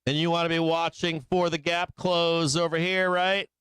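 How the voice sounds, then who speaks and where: A man hosts a live trading stream, walking through charts in a loose, slangy way and asking constant tag questions. His voice sits a little high for a man and comes across very smooth and resonant. The sound is dry and close, with no room echo. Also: level tone, normal speed, fairly bright tone. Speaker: host.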